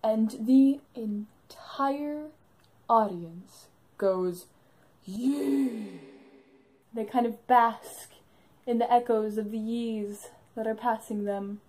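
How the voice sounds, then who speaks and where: A woman's voice: on the high side, takes it slowly, dark tone, low-quality recording. Enthusiastic young woman telling a fan story. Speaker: fan vlogger recapping a live show. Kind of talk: scripted vlog narration.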